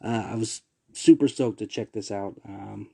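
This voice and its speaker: Man, low voice, mellow dark tone, casual rambling podcast host, laughs at his own asides. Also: normal speed, gravelly, slightly rough.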